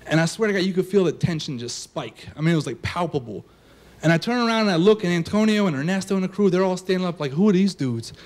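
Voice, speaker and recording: A young man telling a personal story on stage before a live audience, casual and animated, full of "like" fillers. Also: high-pitched, fast talker.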